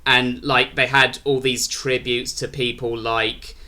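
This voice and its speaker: A man's voice: medium pitch, level tone, slow, pushed and bright. A British man rambling through a casual review of a wrestling show, restarting his sentences often. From Britain.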